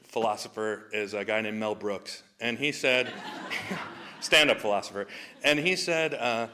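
A man's voice: on the low side, a little slow, pushed and bright, a little hiss or hum. A young adult man, a stand-up comedian, telling personal stories to an audience, laughing often and using many fillers. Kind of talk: storytelling talk with jokes.

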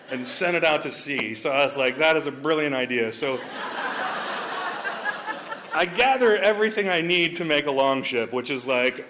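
A man's voice: fairly high pitch, fairly bright tone. A young adult man, a stand-up comedian, telling personal stories to an audience, laughing often and using many fillers. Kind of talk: storytelling talk with jokes.

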